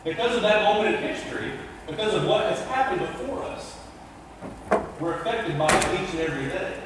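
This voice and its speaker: A man's voice: high voice, expressive, fairly quick, background noise. A man, a pastor preaching a sermon in a folksy, joking, earnest way. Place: large church sanctuary. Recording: distant echoey sanctuary recording.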